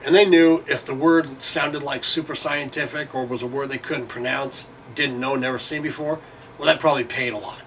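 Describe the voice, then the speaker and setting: A man's voice: mid-range voice, fairly even intonation, moderate pace, fairly bright tone. A man delivering a rambling, profane monologue full of fillers. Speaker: vlogger. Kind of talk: casual monologue. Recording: distant mic with faint background noise.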